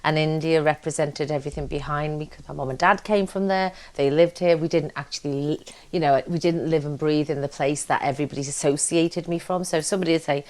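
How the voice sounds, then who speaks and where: An actress, a guest speaking candidly in a casual interview with lively restarts. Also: female voice, low-pitched, quick pace, few pauses. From Liverpool, England.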